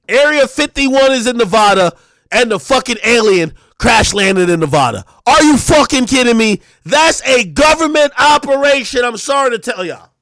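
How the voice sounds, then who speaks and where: A man hosting a livestream, delivering a loud, profane comedic rant with shouted bursts. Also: very high voice, lively intonation, moderate pace, no room sound, clean studio sound. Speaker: streamer and show host.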